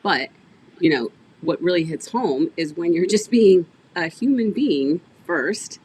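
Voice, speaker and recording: A woman's voice: fairly low pitch, a little slow, a little hiss or hum. A woman coach hosting a casual interview over a video call, talking animatedly and laughing often. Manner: animated, laughs often, addresses audience as "y'all". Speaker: business coach and podcast host.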